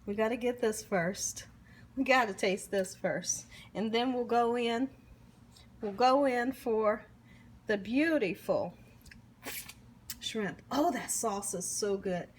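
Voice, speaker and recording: A woman's voice: fairly high pitch, takes it slowly, pauses often, slight background noise. Woman cooking host humming over her food. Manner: lots of savoring hums and exclamations; talks straight to viewers. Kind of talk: casual cooking vlog, tasting on camera.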